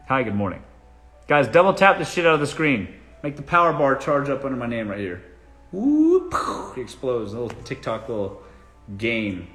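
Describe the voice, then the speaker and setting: A man's voice: mid-range voice, a bit bright. Blunt Southern man in an echoey room. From South Carolina. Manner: blunt, profane, joking. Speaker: live-stream host answering dating questions. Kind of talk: casual live-stream Q&A. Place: room in his home.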